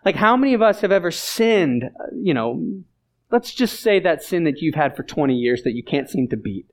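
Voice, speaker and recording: A man's voice: a little high, sing-song, moderate pace. A man preaching a sermon in an earnest, emphatic and conversational way, often repeating his phrases for weight. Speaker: pastor.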